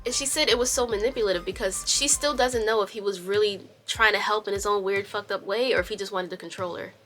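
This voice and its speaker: Woman host, casual storytime narrator, mid-pitched, blunt and sassy, light music bed. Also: fast talker, a bit bright. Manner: sassy, blunt, swears freely in asides.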